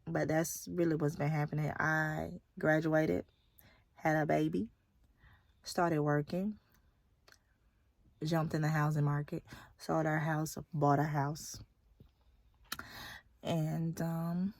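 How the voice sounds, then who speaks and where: A woman's voice: deep voice, flat delivery, takes it slowly, creaky, long pauses, a little mellow, no echo. A young adult woman, a nurse, chatting candidly in a casual vlog and sometimes dropping to a whisper. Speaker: nurse and vlogger. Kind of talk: casual chat. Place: at a kids' sports game.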